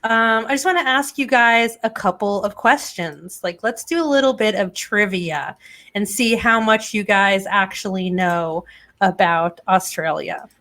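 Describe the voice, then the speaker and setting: A woman's voice: medium pitch, unhurried, pushed and bright. A woman hosting a casual chat show, joking around and quizzing her co-hosts with trivia. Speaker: podcast host.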